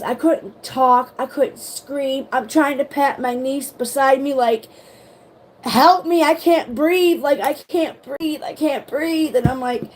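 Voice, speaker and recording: A young woman, telling a story to her livestream viewers in an animated way, swearing casually and saying "like" a lot. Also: on the high side, low-quality recording. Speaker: livestream host.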